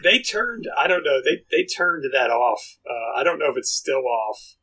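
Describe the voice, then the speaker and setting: Male co-host, bright mid-range voice, dry jokester, stumbles on restarts. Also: medium pitch, very animated, moderate pace, vocal fry, slightly rough, rough recording. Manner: dry, joking, stammers on restarts. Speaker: podcast co-host. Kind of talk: casual chat.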